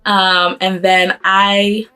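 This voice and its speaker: Her accent blends Northern and Southern US, reflecting a Pennsylvania birth and an Atlanta upbringing. In her thirties, this beauty vlogger talks quickly and fumbles her words during a relaxed get-ready-with-me chat while putting on makeup at home. The voice is medium-pitched, smooth and sharp in tone, with a flat delivery.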